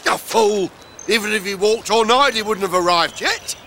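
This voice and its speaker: An actor playing a scheming, scornful man plotting in an animated Bible drama. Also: high voice, moderate pace, a little hiss or hum.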